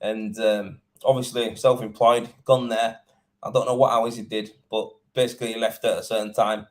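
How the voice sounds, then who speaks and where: A man's voice: fairly low pitch, flat delivery, normal speed. A young man, a plasterer, chatting casually and indignantly on a livestream, swearing and rambling. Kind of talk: casual live-stream chat.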